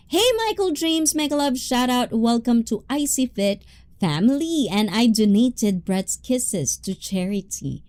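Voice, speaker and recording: A woman's voice: a little high, darkish tone. A young woman hosting a casual livestream, chatting, laughing often and reading viewers' comments aloud. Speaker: livestream host reading chat.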